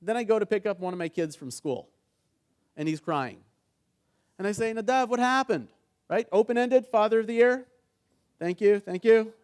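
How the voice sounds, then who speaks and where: A middle-aged man with a fairly high voice leads a conference workshop on negotiation. He talks to the room in an engaging way and acts out the dialogue in his stories. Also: normal speed, long pauses, clean tone. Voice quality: engaging, keeps asking the audience "right?". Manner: animated storytelling, acts out quoted dialogue. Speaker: negotiation trainer and mediator.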